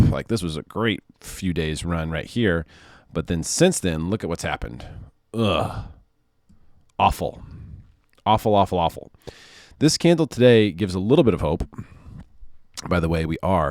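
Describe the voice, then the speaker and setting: A man, a mortgage loan officer giving casual market commentary in an animated, sarcastic way, repeating phrases for emphasis. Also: deep voice, dry recording, studio quality.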